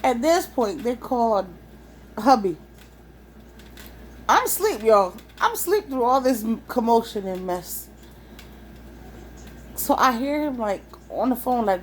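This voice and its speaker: A young woman telling a wild personal story in a casual, animated, profane way, laughing often. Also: a little high, measured pace, pauses often, a little hiss or hum.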